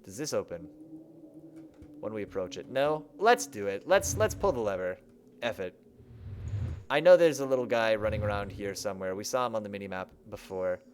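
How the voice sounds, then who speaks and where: A man's voice: on the low side, expressive, fairly quick, slight background noise. A young man giving casual let's-play commentary at a desk mic, thinking aloud and joking at his own choices. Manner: chatty, thinking aloud, self-mocking. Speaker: game streamer. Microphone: desk microphone.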